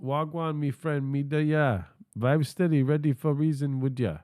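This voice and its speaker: A man's voice: on the high side, fairly even intonation, moderate pace, darkish tone, smooth, dry recording, clean studio sound. A text-to-speech male voice playing a friendly, easygoing AI helper in a Jamaican patois accent.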